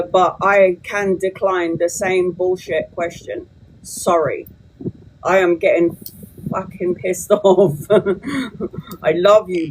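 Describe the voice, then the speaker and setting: Husky and mid-range, this woman in her forties reads tarot on a phone live stream over a rough recording. She talks bluntly and casually, curses liberally, and vents readily.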